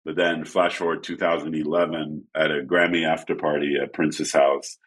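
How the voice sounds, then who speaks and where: A man telling casual stories as a guest photographer, acting out quotes in an animated way. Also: normal speed. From France. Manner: animated, acts out quotes with shifting pitch. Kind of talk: casual storytelling.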